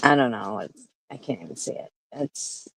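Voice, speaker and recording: A woman's voice: rumbling low, animated, moderate pace, gravelly, fairly bright tone, slightly rough. A woman giving blunt, sarcastic commentary on a live stream, swearing often.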